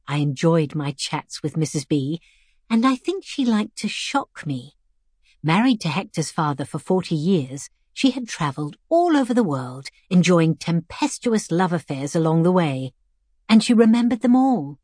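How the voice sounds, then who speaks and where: Woman storyteller, reflective and measured; breathy, low voice on a dry recording. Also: very animated, a little mellow, dry recording. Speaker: narrator. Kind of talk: scripted first-person story narration.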